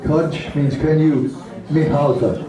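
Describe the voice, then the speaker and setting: A man teaching vocabulary to a class, slowly repeating each word and phrase, recorded from a far camera in a community room. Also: on the high side, fairly even intonation, a crowd in the background. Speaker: language teacher. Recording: echoey room from far off with people around.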